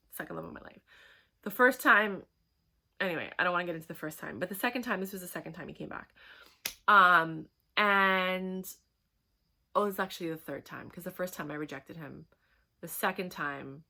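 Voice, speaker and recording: Young woman vlogger, bright and forceful tone, candid, chatty. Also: on the low side. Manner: frank, chatty, animated storytelling. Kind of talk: candid personal vlog monologue.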